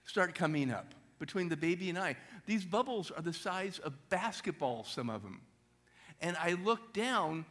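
A middle-aged man tells a story to a church audience with lively, high energy, stopping to throw questions at his listeners. His voice sits a little higher than most men's. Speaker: motivational speaker.

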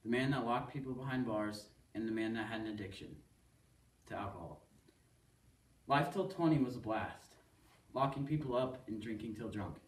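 A man's voice: medium pitch, moderate pace, distant mic. Man reciting a poem in an echoey room. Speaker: student reader. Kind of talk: first-person poem recitation.

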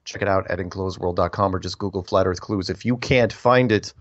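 A man's voice: sits low, fairly quick, dry recording. A man hosting a call-in radio show, rambling through announcements and spelling out contact details. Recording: dry, dull lo-fi audio.

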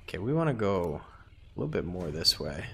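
A man's voice: low-pitched, sing-song, normal speed, gravelly, faint music behind. A young man giving casual gameplay commentary, chatting to himself and pleading with his units. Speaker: gaming YouTuber.

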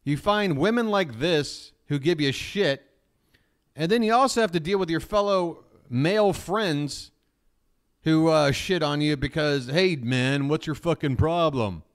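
A man's voice: on the high side, lively intonation, unhurried. A man hosting a live stream, talking in a rambling, profane, openly emotional way as he reacts casually to a clip.

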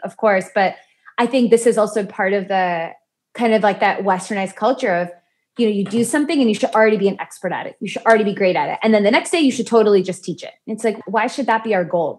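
A yoga and mantra teacher talks about chanting practice as a podcast guest in a conversational interview. Her mid-range voice has a darkish tone, and she is chatty, laughs often, and acts out quoted voices.

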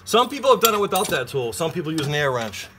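A man's voice: fairly high pitch, quick pace. Guy joking around in his garage, voice bouncing all over, lots of noise behind. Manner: animated, joking, laughs often. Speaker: host. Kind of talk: casual garage chat. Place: home garage.

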